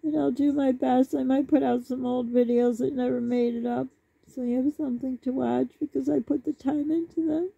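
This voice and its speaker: Woman, vlogger, rambling, apologetic, husky voice, dull lo-fi dry recording. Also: high voice, fairly even intonation, moderate pace, warm tone, no echo. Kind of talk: casual chat to camera.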